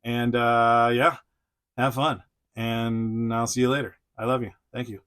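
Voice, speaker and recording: A man's voice: medium pitch, little pitch movement, a little slow, fairly bright tone. A man casually chatting through a toy review, rambling with many fillers and chuckles. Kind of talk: casual unboxing chat.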